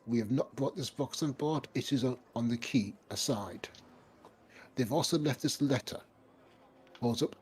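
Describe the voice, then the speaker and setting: A man's voice: mid-range voice, darkish tone, slightly rough. A man playing a tabletop game, speaking formally in character. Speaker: player.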